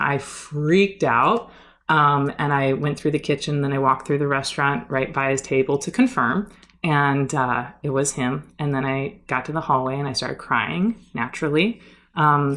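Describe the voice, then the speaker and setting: Young woman guest, low voice, rambling anecdote style, lots of "like" and "um". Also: fairly bright tone. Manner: chatty, many fillers and "like"s. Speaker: podcast guest, yoga teacher. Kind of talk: casual storytelling.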